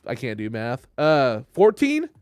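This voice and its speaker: A man's voice: mid-range voice, wildly swooping pitch, unhurried, a little mellow, clean tone, no echo, clean studio sound, soft background music. A man hosting a casual podcast chat, swearing freely and laughing often. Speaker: podcast host.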